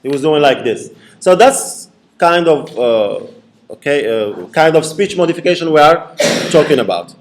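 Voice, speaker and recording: Man lecturing a class, slightly high voice. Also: lively intonation, measured pace. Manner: explains by repeating points, checks in with "okay?". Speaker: university lecturer.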